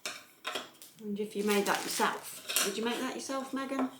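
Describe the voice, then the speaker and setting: A woman's voice: a little high, steady tone, moderate pace, echoey room, noisy background. A woman vlogging as she unboxes a gift, chatting casually, gushing and laughing often. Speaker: soap maker vlogger.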